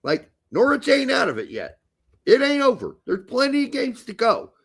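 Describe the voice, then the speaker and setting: A man's voice: extremely high pitch, wildly swooping pitch, normal speed, breathy edge. A man co-hosting a casual soccer podcast, blunt and crude, talking emphatically. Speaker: podcast co-host.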